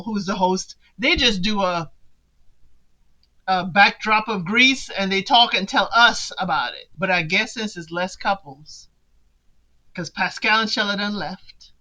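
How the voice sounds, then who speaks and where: A woman's voice: mid-range voice, sharp tone, poor audio. A woman hosting a podcast, recapping a show in casual, chatty commentary and talking straight to her listeners with teasing asides. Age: adult parent of sons.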